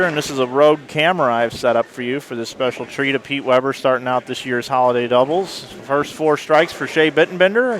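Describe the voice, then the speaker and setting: Chatty male play-by-play caller for a bowling broadcast, mid-pitched, self-correcting, talks straight to viewers. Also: noisy background. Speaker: bowling commentator. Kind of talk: live play-by-play sports commentary. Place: bowling center.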